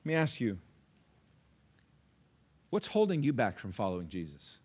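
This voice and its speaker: A man preaching a sermon, conversational and dynamic, swinging between loud emphatic lines and hushed asides while acting out listeners' replies. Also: medium pitch, wildly swooping pitch, normal speed, slightly rough. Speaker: pastor.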